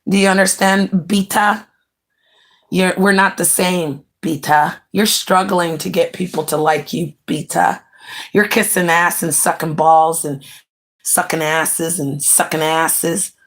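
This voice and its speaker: A woman's voice: on the low side, steady tone, a little slow, a bit bright. A woman from the United States, livestreaming in blunt, brash and mocking casual chat.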